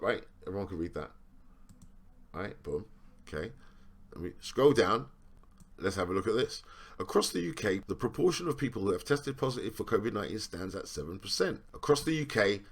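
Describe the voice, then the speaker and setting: A man's voice: on the low side, fairly bright tone. Sarcastic man reading a news article. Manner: rambling, repeats "right?" for emphasis; sarcastic, questioning. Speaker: vlogger commenting on a news article. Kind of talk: reading aloud and commenting.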